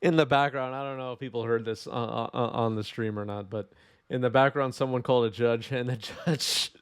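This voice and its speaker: A man's voice: medium pitch, fairly even intonation, fairly quick, smooth, no echo, clean studio sound. A man with a New York accent commentating a live card game stream, wry and reading chat aloud.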